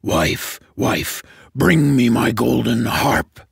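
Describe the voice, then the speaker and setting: A man voicing a huge, gruff, man-eating ogre in a storybook reading, with a growling, demanding manner. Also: medium pitch, lively intonation, slow pace, no echo, clean studio sound, pitched below the performer's own voice, heavily acted. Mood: grumbling.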